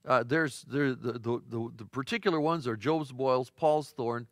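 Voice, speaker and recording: A middle-aged pastor preaching a midweek sermon in a folksy, conversational storytelling way, with frequent fillers and restarts. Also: male voice, mid-range voice, unhurried, no echo, clean studio sound. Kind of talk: sermon teaching.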